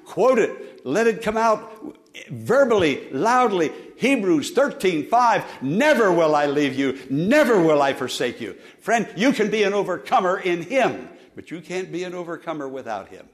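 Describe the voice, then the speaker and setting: A male pastor delivering a sermon, his fairly high voice rising loud for emphasis and then dropping to soft, low asides. He calls on the congregation to repeat lines back to him. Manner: leads the congregation in call-and-response.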